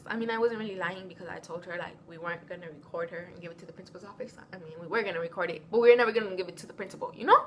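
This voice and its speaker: A woman's voice: on the low side, rapid-fire, few pauses. A teenage girl telling a school drama story as a casual vlog, acting out what everyone said. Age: teens. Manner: animated, reenacting quotes. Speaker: vlogger.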